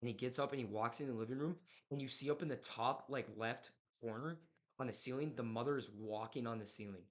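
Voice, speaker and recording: A man's voice: medium pitch, brisk. A young man in casual chat, retelling a horror movie plot in a rambling way, full of filler words and slang.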